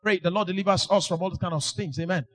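A male preacher, delivering a sermon in a booming, sing-song style with sudden shouts. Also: steady tone, fast talker.

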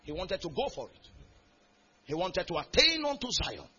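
A man's voice: sits high, wildly swooping pitch, normal speed, sharp tone, slightly rough, highs cut off. A man preaching a sermon in a church hall, reading scripture aloud and calling out questions to the congregation. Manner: reads scripture aloud in a rising, building cadence. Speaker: pastor.

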